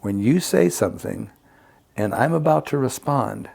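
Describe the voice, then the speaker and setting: Gravelly man explaining mediation calmly. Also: medium pitch, measured pace. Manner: reflective, explains with acted examples. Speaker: conflict mediator guest. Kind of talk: casual podcast conversation.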